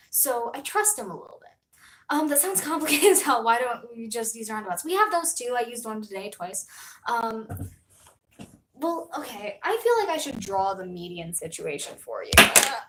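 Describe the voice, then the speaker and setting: A young woman streamer chatting casually to her viewers. Her voice sits a little high, and she tells her story with lively swings between loud outbursts and quiet asides. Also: low-quality recording. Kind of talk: casual live-stream chat.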